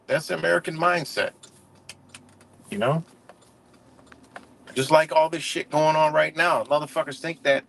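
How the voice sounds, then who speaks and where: A man's voice: on the high side, animated, normal speed, creaky, long pauses, fairly bright tone, poor audio. A man hosting a live stream, ranting heatedly and profanely, with a lot of "you know" between points. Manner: says "you know" often. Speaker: livestream host. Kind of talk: casual live-stream commentary rant.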